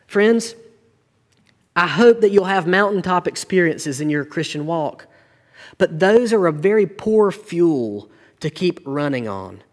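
High-voiced pastor preaching. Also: male voice, expressive, a little slow, long reverb tail. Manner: earnest preaching, rising and falling intensity. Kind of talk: sermon.

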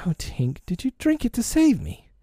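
A man voicing a brave, cocky boy hero in a storybook reading, high and exclaiming. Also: wildly swooping pitch, unhurried, dark tone, no room sound, clean studio sound, exaggerated voice. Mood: anxious.

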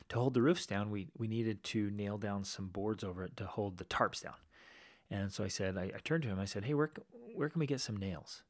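A man's voice: on the low side, dry recording, studio quality. A man hosting a podcast, telling a personal story in a casual way and acting out the voices of the people in it. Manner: animated, acts out quoted people. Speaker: podcast host.

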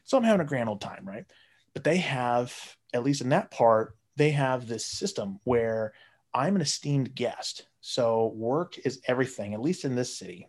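A man's voice: medium pitch, a little mellow. A man casually telling a long, profane story, jumping into raised voices when he quotes his friends. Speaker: guest storyteller.

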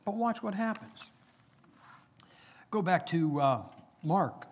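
A man's voice: sits high, animated, slow pace, slightly rough. A middle-aged man preaching a sermon, chatting with the congregation and reading scripture aloud with rising emphasis.

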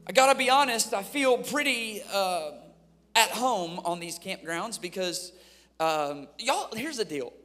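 A man's voice: high voice, lively intonation, unhurried, fairly bright tone, long reverb tail, faint music behind. A man from Ohio preaching at a youth camp, telling funny stories with playful folksy asides to the crowd. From Ohio, USA. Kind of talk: humorous sermon storytelling.

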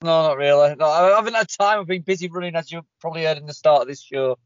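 A man's voice: on the high side, fast talker, no echo, muffled recording. A man co-hosting a casual podcast from his parked car, laid-back and a bit sheepish, often laughing. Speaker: podcast co-host.

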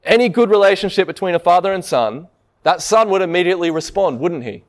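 A man preaching a sermon in a slightly higher voice. He talks to the listeners in a conversational way and keeps asking them rhetorical questions. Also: lively intonation, fast.

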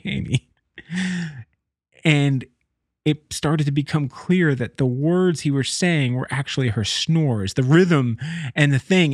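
A man's voice: on the high side, dry recording, clean studio sound. A man telling a personal story in a rambling, casual way, often breaking off and laughing. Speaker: vlogger.

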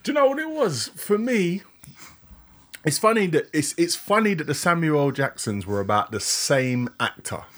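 A man's voice: fairly high pitch, very animated, normal speed, a bit bright. A man co-hosting a podcast, chatting earnestly, repeating himself and checking the other host follows him. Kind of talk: casual chat.

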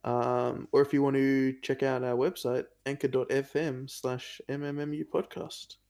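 A man's voice: mid-range voice, little pitch movement, normal speed, vocal fry, a little mellow. A young man co-hosting a casual podcast, talking earnestly and fondly about films. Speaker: podcast co-host.

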